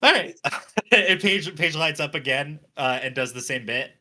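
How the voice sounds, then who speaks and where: A man's voice: fairly high pitch, moderate pace, sharp tone. A man playing a tabletop game, chatting casually and describing his character's moves. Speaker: player.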